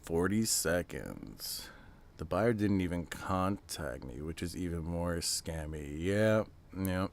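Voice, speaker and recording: Low-voiced and slow but animated, this American man runs a live-stream watch party for a reveal. He rambles in a chatty way, reading out comments from chat and replying to each.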